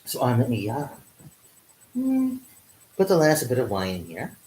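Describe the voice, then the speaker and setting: A man's voice: mid-range voice, wildly swooping pitch, unhurried, dark tone, a little hiss or hum, poor audio. A man talking casually to camera in a rambling, joking vlog, full of um fillers. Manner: rambling, heavy um fillers, chuckles at own jokes. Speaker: vlogger. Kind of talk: casual comedic monologue. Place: indoors in Europe, drinking wine.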